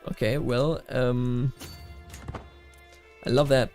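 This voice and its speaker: A man's voice: mid-range voice, flat delivery, slow, a little mellow, soft background music. A man from Bavaria giving casual commentary while playing a strategy game, rambling with many fillers and restarts. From Bavaria, Germany.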